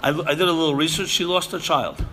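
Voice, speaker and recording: Emphatic bright-voiced man lecturing. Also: fairly high pitch, fairly even intonation, fast talker, a little hiss or hum. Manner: emphatic, repeats phrases, Yiddish and Hebrew terms. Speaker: rabbi lecturing seminary students. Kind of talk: sermon-style lecture.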